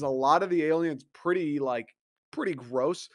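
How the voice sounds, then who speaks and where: A man's voice: a little high, animated, moderate pace, no echo, studio quality. A young man hosting a solo podcast, rambling casually, swearing freely and acting out little voices as he talks. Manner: rambling, profane, acts out voices. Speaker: podcast host.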